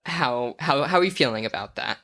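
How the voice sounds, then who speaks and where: A woman co-hosting a podcast in casual chat, candid and quick to laugh, with many filler words. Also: a bass voice, animated, a bit bright. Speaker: podcast co-host.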